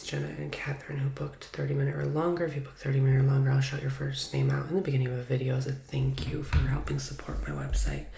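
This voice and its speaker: A man gives a whispered ASMR tarot reading in a soft, casual way. His voice is nasal and a little stuffy from a recent illness, with a gravelly, creaky edge. The recording sounds roomy and echoey. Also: mid-range voice, a little hiss or hum. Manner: soft, casual, with many fillers. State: recovering from illness, slightly stuffy.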